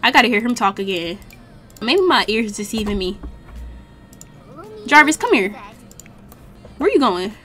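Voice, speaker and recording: A young woman chatting casually as she streams a life-sim game, talking to her viewers and the characters with slangy, animated exclamations. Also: on the high side, unhurried, long pauses, faint music behind. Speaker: gaming streamer. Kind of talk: casual let's-play commentary.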